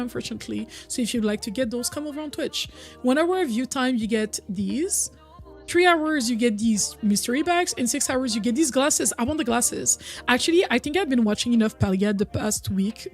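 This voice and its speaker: Woman, high voice, young adult, casual stream chat, just over a cold, faint background music. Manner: chatty, reads and answers chat, hums and sings bits. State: recovering from a cold.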